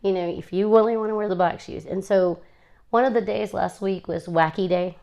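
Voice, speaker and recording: A woman's voice: mid-range voice, fairly even intonation, fairly quick, creaky, darkish tone. A woman in her thirties, a guest chatting and telling stories about her kids. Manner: chatty storytelling, acts out her kids' lines. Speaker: guest, lawyer and mother. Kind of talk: casual interview chat.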